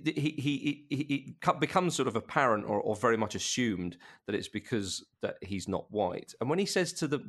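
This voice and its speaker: A man talking about a film in a casual podcast chat, lively and full of restarts. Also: lowish voice. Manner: animated, with many restarts and laughs. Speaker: podcast co-host.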